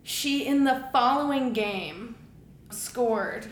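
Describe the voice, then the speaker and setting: A woman's voice: on the high side, slow, a little hiss or hum. A young woman co-hosting a podcast, chatting casually and animatedly. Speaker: podcast co-host. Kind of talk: casual chat. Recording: echoey room.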